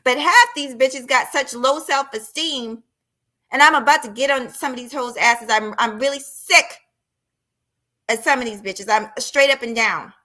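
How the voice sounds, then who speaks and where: In an unhurried pace, a woman vents a heated rant to her live-stream audience, speaking straight at them in a confrontational way. Her voice is bright and a bit high, her language blunt and profane.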